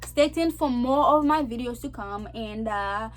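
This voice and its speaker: A woman's voice: a little high, measured pace. A young woman from Zambia with a Zambian accent, talking casually and animatedly to her vlog audience, repeating herself and laughing often. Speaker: vlogger. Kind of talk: casual chat to camera.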